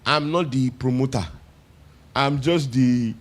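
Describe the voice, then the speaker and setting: A man with a Nigerian English accent preaches a sermon as a pastor, speaking conversationally, asking the congregation questions, and repeating phrases for emphasis. His voice is mid-range and slow-paced.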